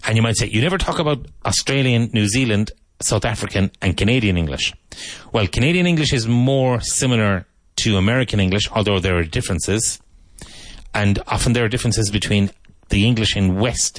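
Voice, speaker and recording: A man with a fairly low voice teaches English on the radio. He says each example sentence twice, slowly and clearly, then explains it in a relaxed way. The sound is dry and close, with no room echo. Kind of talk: radio language lesson.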